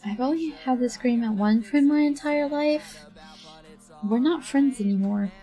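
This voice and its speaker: Chatty female streamer, casual and rambling, pitched a bit high, soft music in the background. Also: a little slow. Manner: chatty, rambling, many fillers and laughs. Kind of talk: casual chat with chat while drawing.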